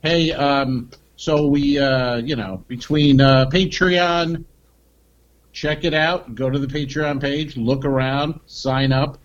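A man's voice: mid-range voice, steady tone, slow pace. A man co-hosting a comedy podcast in loose casual banter. He talks in a dry, meandering way, full of fillers and restarts. The audio is a little dull and lo-fi.

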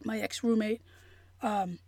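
A woman telling a personal story in an interview, earnest and emotional, halting with many restarts and fillers. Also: mid-range voice, fairly even intonation, a little mellow, no echo. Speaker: interview guest.

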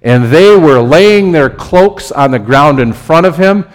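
A man preaching a conversational sermon as pastor, his delivery lively and building to emphatic peaks. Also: fairly high pitch, unhurried.

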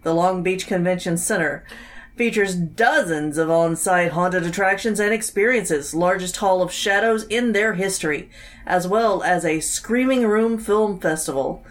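A woman's voice: lowish voice, a little slow. Easygoing woman podcast co-host. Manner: easygoing, laughs readily, dry quips. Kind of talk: casual chat, reading event listings.

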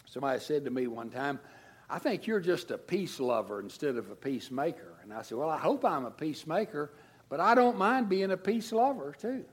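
A man preaching a sermon as pastor, swinging from raised emphatic lines down to soft, low endings. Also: lively intonation, fairly quick, slightly rough. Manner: dynamic preaching, rising to emphasis then dropping low and soft.

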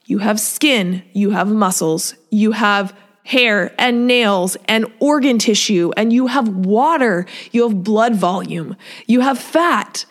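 Speaking slowly in a mid-range voice, a woman fitness coach chats casually on her solo podcast. Her tone is encouraging, and she regularly performs her clients' lines in their voices.

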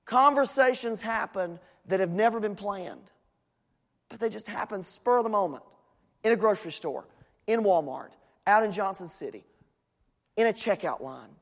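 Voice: medium pitch, lively intonation, moderate pace. A pastor preaching a sermon to a congregation, emphatic and repeating phrases for stress. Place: large church sanctuary. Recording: long reverb of a church hall.

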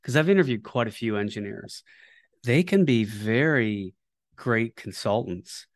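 A man's voice: mid-range voice, animated, a little slow. A man hosting a podcast, chatting casually, joking and teasing his guest with sarcastic praise. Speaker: podcast host.

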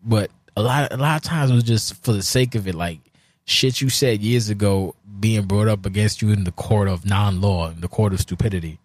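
A man's voice: lowish voice, brisk, no room sound. A man hosting a podcast in a rambling, offhand, profane casual chat, drinking a beer as he records. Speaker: podcast host.

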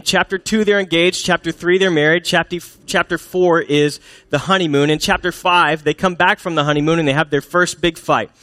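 A man's voice: a little high, a bit bright, no echo, clean studio sound. Joking, conversational male preacher. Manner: humorous, conversational, asks the congregation questions. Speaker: pastor. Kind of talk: sermon. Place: church.

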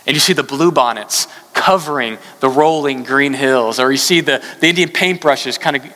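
Man, pastor's sermon, bright ringing tone, long echo. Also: normal speed. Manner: earnest, rises in pitch for emphasis.

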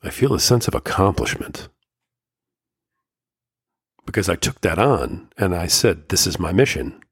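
A middle-aged man hosting a solo podcast, talking earnestly and emotionally in slow, measured phrases, firm and lecturing at times. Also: sits low, big pitch swings, breathy edge, no room sound, clean studio sound. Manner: firm and lecturing about fatherhood. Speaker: podcast host.

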